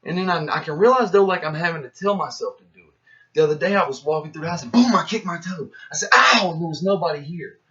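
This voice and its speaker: A man talking in a rambling, profane, slangy monologue about life and philosophy, getting animated as he acts out his own inner voices. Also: on the high side, quick pace. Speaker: rapper musing to camera. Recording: dull lo-fi sound.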